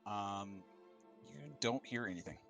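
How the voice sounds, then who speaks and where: A man's voice: fairly low pitch, expressive, unhurried, creaky, fairly bright tone, faint music behind. Hesitant man running a tabletop game. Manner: hesitant, many fillers and restarts. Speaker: game master.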